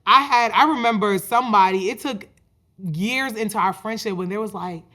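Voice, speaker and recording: A woman in her twenties hosts her own podcast, telling a personal story in a loose, chatty monologue. She talks in an animated way, full of "like" and restarts, at a middle pitch. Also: brisk. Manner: chatty, animated, many fillers like "like". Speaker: podcast host.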